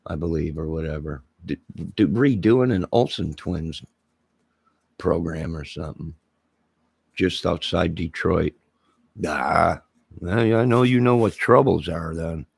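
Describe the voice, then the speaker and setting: A man rambles through a casual livestream chat, joking and answering viewers. His voice is deep, gravelly and husky, and he speaks slowly. The sound is dry and close. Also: no room sound. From Illinois, near Chicago. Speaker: livestream host chatting with viewers.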